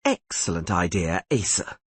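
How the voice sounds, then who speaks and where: A man voicing a sharp-tongued, protective young outlaw with a scornful, heated way of talking. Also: fairly high pitch, wildly swooping pitch, a little fast, husky, no room sound, pitched above the performer's own voice, full character voice.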